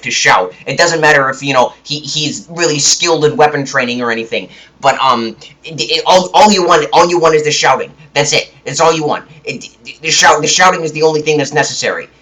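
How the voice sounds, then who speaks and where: Young man, rambling rant, mock-indignant, restarts a lot, slightly high voice. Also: bright, forceful tone, poor audio. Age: young adult. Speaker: gaming video creator. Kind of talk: ranting commentary.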